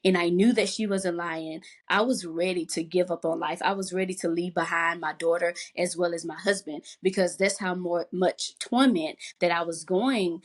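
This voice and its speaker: A young adult woman, a podcast guest, openly telling a raw personal story with reflective pauses. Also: on the low side, fairly even intonation. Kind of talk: personal testimony in a podcast conversation.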